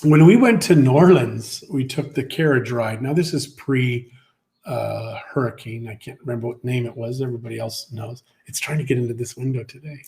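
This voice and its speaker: A man's voice: mid-range voice, moderate pace, vocal fry, dark tone. A middle-aged man co-hosting a livestream, chatting casually and rambling through stories with many restarts. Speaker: co-host of a livestream show. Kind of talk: casual chat.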